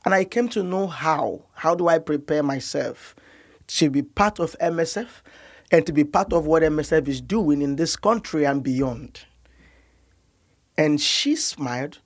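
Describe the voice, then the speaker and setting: Young man from Nigeria, doctor guest; earnest, emotional storyteller who repeats words, voice a touch high. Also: expressive, moderate pace. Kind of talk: personal storytelling in an interview.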